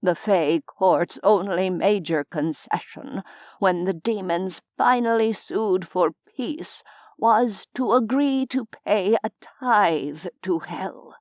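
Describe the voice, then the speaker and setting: A woman voicing a courteous, formal gentleman in an audiobook, measured and gently lecturing. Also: mid-range voice, no room sound, clean studio sound, natural voice. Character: genteel, courteous older gentleman scholar. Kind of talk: audiobook character voice.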